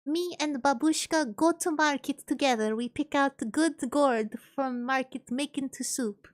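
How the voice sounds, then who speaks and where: A woman voicing a cute, playful young Russian girl in a put-on Russian accent, speaking slow, broken English. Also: sits high, voice pushed up. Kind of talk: live-stream goofing.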